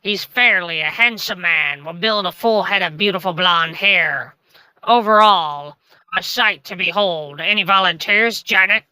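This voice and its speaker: A woman's voice: lowish voice, measured pace, pushed and bright, clean tone, no room sound, rough recording. A woman putting on a growling voice to play a bossy, impatient male pirate captain.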